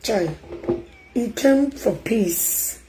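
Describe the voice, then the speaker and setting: Loud Nigerian woman with a mellow voice. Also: fairly high pitch, animated, extremely slow, rough recording. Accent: Nigerian Igbo. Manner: loud, emphatic talker. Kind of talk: casual chat mixing English and Igbo.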